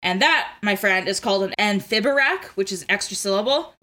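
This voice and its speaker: Eager woman explaining poetry, bright tone. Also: mid-range voice, lively intonation, fairly quick. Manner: eager, explanatory, lots of filler "like". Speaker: podcast co-host. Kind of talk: casual chat with literary analysis.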